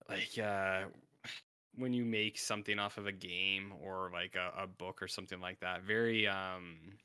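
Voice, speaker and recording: Podcast co-host, male, slightly low, bright forceful tone, rambling laid-back banter. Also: smooth, dry recording, clean studio sound. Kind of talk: casual chat.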